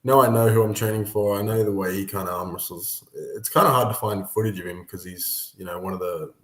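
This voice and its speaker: A young man, an arm wrestler, chatting casually and laughing often between halting sentences. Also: lowish voice, fairly even intonation, a bit bright. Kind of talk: casual podcast chat. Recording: roomy echo.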